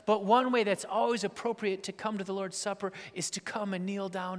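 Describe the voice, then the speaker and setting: A man preaching a sermon with great drama, dropping to hushed whispers and rising to shouts. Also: high voice, flat delivery, fairly quick, hardly any pauses. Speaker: pastor. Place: church sanctuary. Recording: long church reverb.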